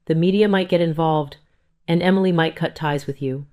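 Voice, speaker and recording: A woman reading the lines of a calm, businesslike male family lawyer. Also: low voice, lightly acted. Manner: measured, reassuring, businesslike.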